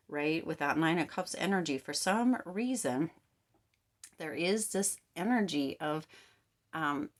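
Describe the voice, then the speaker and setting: A woman with a notably low voice talks through a tarot reading in a loose, chatty way. She keeps checking in with the listener and swoops up into lively reactions. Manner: chatty, checks in often with "right?" and "okay?". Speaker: tarot card reader. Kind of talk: casual tarot reading to camera.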